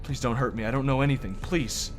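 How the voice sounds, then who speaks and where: A man's voice: mid-range voice, fast, soft background music, close to an everyday voice. A man voicing a frightened young woman held hostage in a game, pleading and timid. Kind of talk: reading game dialogue aloud.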